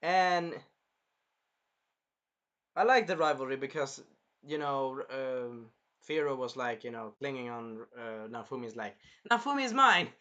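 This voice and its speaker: A man hosting a casual anime review, rambling and animated, swearing freely as he recaps an episode. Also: mid-range voice, a little slow, long pauses. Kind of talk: casual chat.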